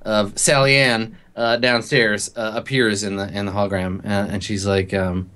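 A man's voice: lowish voice, little pitch movement, moderate pace, pushed and bright. A man running a tabletop role-playing game, describing scenes in a hesitant, laid-back way with many fillers. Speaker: game master.

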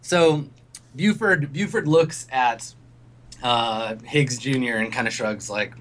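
A man's voice: medium pitch, slow, fairly bright tone. Rambling man running a tabletop game. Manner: rambling, filler-heavy description. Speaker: game master.

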